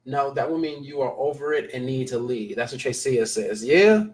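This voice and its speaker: A man's voice: mid-range voice, moderate pace. A man hosting a casual live-stream show, talking emphatically and repeating phrases for stress as he reads viewer comments.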